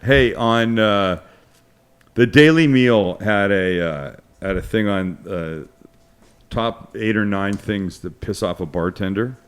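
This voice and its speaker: A man's voice: on the low side, takes it slowly, smooth. A middle-aged man hosting a casual cooking chat, telling stories and swearing freely. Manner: chatty, swears, tells funny stories. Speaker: host.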